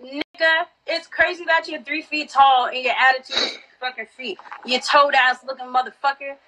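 A woman's voice: sits high, steady tone, moderate pace, pushed and bright, poor audio. A woman from Texas in a heated live-stream argument, confrontational, profane and insistent.

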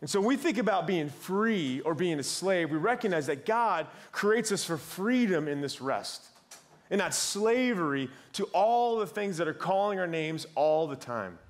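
A man's voice: high voice, animated, moderate pace. A man in his thirties preaching a sermon in a conversational way, often repeating words as he goes. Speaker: pastor. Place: church.

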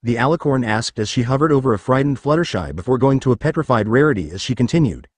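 Animated man narrating a story. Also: mid-range voice, brisk, hardly any pauses, no room sound. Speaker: story reader. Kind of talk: scripted narration of a fan story.

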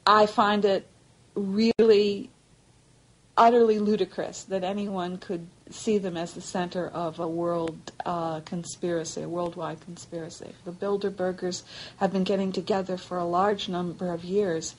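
A woman's voice: fairly low pitch, little pitch movement, a little slow, low-quality recording. A woman speaking for an advocacy group, answering interview questions firmly and dismissively.

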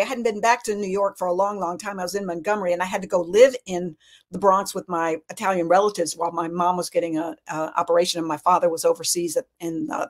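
A middle-aged woman from Alabama, telling family stories as a guest in a casual chat, animated, with lots of restarts. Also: medium pitch.

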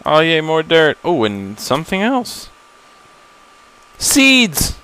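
A man's voice: a little high, sing-song, normal speed, a bit bright, slight background noise, low-quality recording. A young man giving casual, rambling commentary on a game he is playing for the first time, self-deprecating and easily startled, swearing when surprised. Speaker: gamer recording a first-time playthrough. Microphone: laptop setup.

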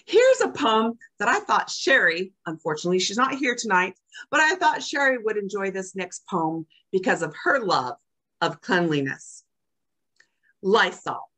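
An older woman delivers a prepared speech at an unhurried pace. Her pitch swings widely as she recites her own poems, jumping high to act out quoted lines. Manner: expressive, acts out quoted lines with big pitch jumps. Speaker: club speaker.

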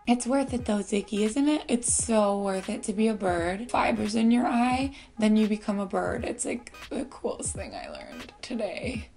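A woman's voice: medium pitch, very animated, moderate pace, gravelly, hardly any pauses, mellow, faint music behind. A woman doing a casual makeup tutorial. She talks in a playful, silly way to her pet bird and makes self-mocking asides. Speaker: beauty vlogger.

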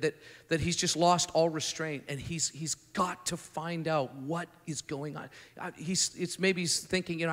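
Animated male preacher in a hall. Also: fairly high pitch. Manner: animated, acts out the speakers in the story; conversational, with repeated restarts. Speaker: conference speaker. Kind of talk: sermon. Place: conference hall. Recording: long hall reverb.

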